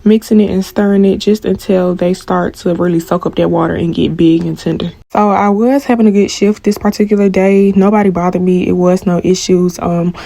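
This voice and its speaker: A young woman telling a story to viewers while she cooks, animated and full of slang. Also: lowish voice, fairly quick, gravelly, few pauses, no echo. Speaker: cooking vlogger.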